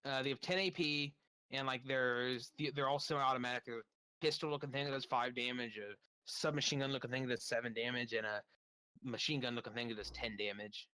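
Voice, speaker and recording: A man's voice: medium pitch, fairly even intonation, fairly quick, pushed and bright, clear, resonant tone, low-quality recording. A man running a tabletop role-playing game, explaining rules casually and with enthusiasm. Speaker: game master.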